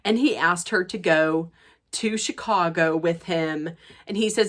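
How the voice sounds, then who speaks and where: A woman's voice: mid-range voice, very animated, slow. A woman chatting casually as she recaps a reality show, telling it like gossip and acting out the quotes. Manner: gossipy, chatty retelling that acts out quoted dialogue. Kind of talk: casual chat.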